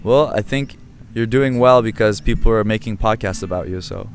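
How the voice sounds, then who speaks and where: A man's voice: fairly low pitch, moderate pace. A man hosting a podcast, chatting casually with a guest and encouraging him with frequent affirmations. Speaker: podcast host. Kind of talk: casual interview chat.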